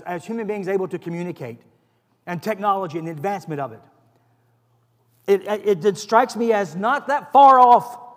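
A man preaching a sermon as pastor, earnest and building to emphatic stress on key phrases. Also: high-pitched. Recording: long hall reverb.

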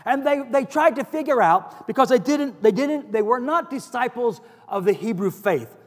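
A man's voice: very high voice, animated, normal speed. A man preaching a sermon as pastor, earnest and building to emphatic stress on key phrases. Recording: long hall reverb.

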